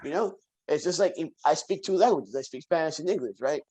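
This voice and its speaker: A man guesting on a podcast, chatting casually as an animated storyteller who repeats phrases for emphasis. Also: on the high side, fast, poor audio. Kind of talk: casual conversation.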